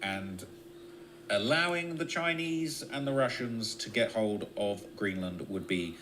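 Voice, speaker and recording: A man's voice: a little slow, fairly bright tone, a little hiss or hum. A man streaming live, giving blunt, profane political commentary and checking in with his viewers after almost every point. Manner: blunt and profane, keeps checking in with "all right?" and "okay?"; shifts between low muttering and raised, emphatic bursts. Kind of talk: casual political commentary on a livestream.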